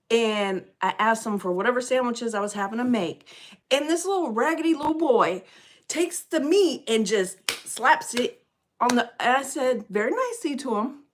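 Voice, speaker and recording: A middle-aged woman chatting on a livestream, telling stories in a lively, fired-up way and greeting viewers by name. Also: a little high, unhurried, slight background noise. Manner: animated storyteller, gets loud and fired up. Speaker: livestream host. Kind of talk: casual livestream chat.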